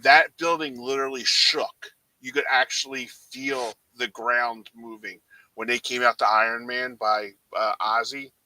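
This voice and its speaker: A man's voice: mid-range voice, fairly even intonation, unhurried, sharp tone, dry recording, poor audio. A man co-hosting a movie podcast, telling stories in a rambling, casual way full of fillers. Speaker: podcast co-host. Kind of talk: casual chat.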